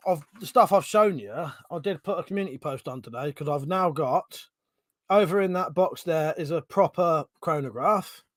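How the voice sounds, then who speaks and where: A man's voice: on the high side, no echo. A man hosting a casual live stream, chatting with viewers, swearing and laughing often, with a runny nose.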